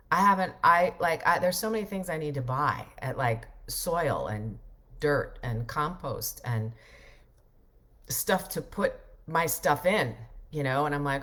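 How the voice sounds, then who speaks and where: A woman's voice: deep voice, unhurried, a bit bright. A middle-aged woman, a voiceover coach, chatting casually on a livestream and reading out viewer comments, reflective and rambling.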